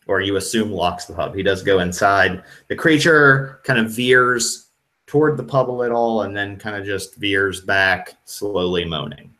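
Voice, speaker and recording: Slow bright-voiced man running a tabletop game. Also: lowish voice. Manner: hesitant, many ums and restarts. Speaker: game master.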